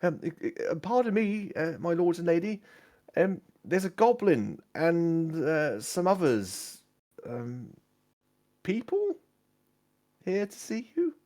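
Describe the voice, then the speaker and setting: A man's voice: on the high side, huge pitch swings, takes it slowly, a little mellow, voice pushed up, heavily acted. A man doing a timid young squire in a tabletop game, his voice raised well above his own. He stammers through each polite sentence. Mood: nervous. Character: nervous young male squire.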